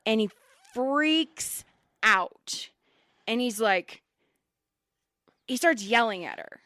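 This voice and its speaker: Bright-voiced woman telling work stories. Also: a little high, very slow, dry recording. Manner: animated, swears freely, acts out quotes. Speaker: podcast co-host. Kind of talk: casual storytelling chat.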